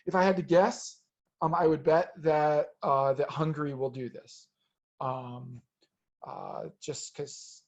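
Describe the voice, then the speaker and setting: Researcher, male, slightly high voice, halting Q&A delivery full of fillers, muffled remote recording. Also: darkish tone. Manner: hesitant, many ums and restarts. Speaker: researcher answering audience questions. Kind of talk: webinar Q&A.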